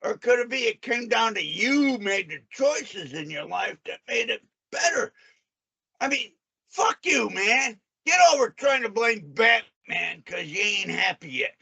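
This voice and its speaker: High bright-voiced guy yelling and cussing in an argument, keeps cutting in. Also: lively intonation, a little slow, creaky, slightly rough. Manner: aggressive, swearing, repeated "hey, hey" interruptions. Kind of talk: heated argument.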